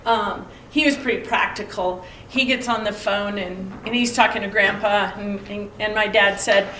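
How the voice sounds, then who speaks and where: A woman's voice: mid-range voice, steady tone, normal speed, pushed and bright, a little hiss or hum. Middle-aged woman teaching in an echoey room. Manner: asks listeners pointed rhetorical questions, tells family anecdotes. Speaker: Bible study teacher. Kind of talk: conversational Bible lesson. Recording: echoey room, mic at a distance.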